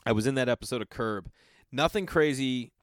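Man podcast host, mid-pitched, loose and profane solo storytelling, very dry mic. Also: a little fast, no room sound. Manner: loose, profane, animated storytelling with acted-out quotes. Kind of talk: casual storytelling monologue.

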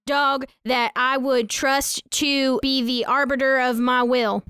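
A woman hosting a comedic pet segment in a deadpan, mock-serious manner. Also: high voice, slow, clear, resonant tone, no room sound, studio quality. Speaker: host.

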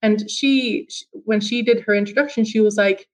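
A woman's voice: mid-range voice, steady tone, normal speed, poor audio. A woman in her thirties from Finland, chatting casually on a podcast, telling stories with lots of restarts and quoted asides. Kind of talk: casual chat.

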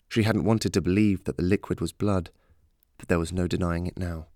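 Male storybook narrator with a low voice and a steady, measured, dry read. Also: no echo.

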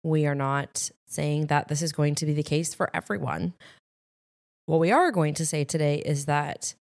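A woman co-hosting a podcast, chatting casually and telling lively family stories. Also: low voice, no echo, clean studio sound. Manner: animated storyteller acting out family moments. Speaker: podcast co-host. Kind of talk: casual chat.

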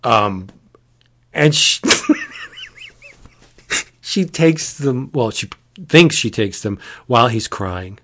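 A man chatting casually as a podcast host, retelling a comic in a rambling, animated way. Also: medium pitch, slow pace, a little hiss or hum. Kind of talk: casual chat.

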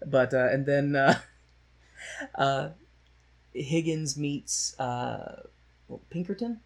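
Man, husky voice, mid-range pitch, casual rambling chat, laughs often, sardonic. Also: very slow. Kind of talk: casual chat, movie discussion.

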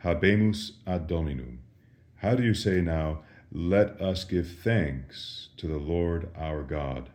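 A very deep-voiced priest teaches Latin prayers at a deliberately slow pace. He asks each question and leaves a patient pause before he answers it. His voice carries a roomy echo. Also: lively intonation, darkish tone. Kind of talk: slow catechism lesson with call and response.

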